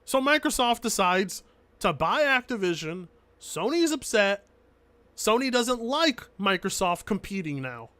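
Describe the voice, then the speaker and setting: A male streamer with a high, bright voice talks back at a video he is watching. His commentary is casual and argumentative. He hammers his points home by repeating them, and he swears freely. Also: big pitch swings, measured pace.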